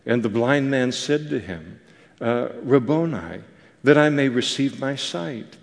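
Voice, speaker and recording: A man's voice: mid-range voice, measured pace, creaky. Man teaching scripture in a reverberant hall. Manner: conversational, animated, with many fillers and restarts. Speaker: Bible teacher. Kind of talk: expository Bible teaching.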